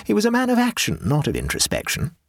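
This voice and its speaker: A man's voice: high-pitched, wildly swooping pitch, fast, gravelly, no room sound, studio quality, voice pushed up, exaggerated voice. A man reading aloud and voicing a gloomy, dutiful Edwardian husband with an earnest, plodding manner.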